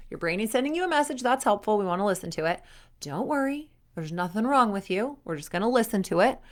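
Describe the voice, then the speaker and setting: A young adult woman coaching athletes in a casual, chatty way, full of fillers and acted-out inner thoughts. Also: mid-range voice. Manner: chatty, frequent "like" fillers, acts out inner voices. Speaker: performance coach.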